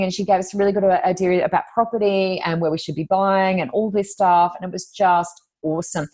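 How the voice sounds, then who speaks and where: An Australian woman, a psychic medium and podcast co-host, chatting casually and telling animated stories with high-pitched exclamations. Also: brisk, hardly any pauses. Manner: animated storyteller, acts out quotes with high exclamations. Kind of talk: casual chat.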